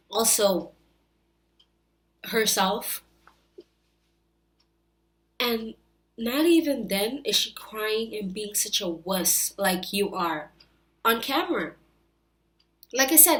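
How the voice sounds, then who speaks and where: A woman's voice: fairly high pitch, a bit bright. Indignant young woman ranting. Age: 20s. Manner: indignant, scolding, exasperated. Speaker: reaction video host. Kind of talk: ranting reaction commentary.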